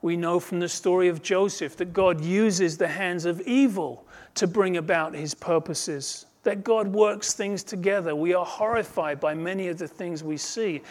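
Male pastor, earnest expository sermon, slightly raised pitch. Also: normal speed, hardly any pauses. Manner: earnest expository preaching, rises in pitch when retelling parables.

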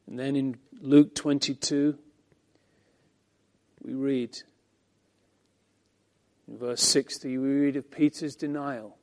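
A man preaching a Bible-teaching sermon as pastor, swinging between emphatic lines and hushed ones. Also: medium pitch, steady tone, takes it slowly, pauses often.

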